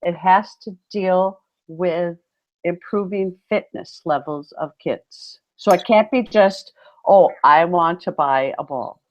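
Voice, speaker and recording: A woman's voice: lowish voice, slow pace. A woman co-hosting a casual chat, telling a story animatedly and acting out quotes with big exclamations. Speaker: podcast co-host, PE teacher. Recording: muffled lo-fi audio.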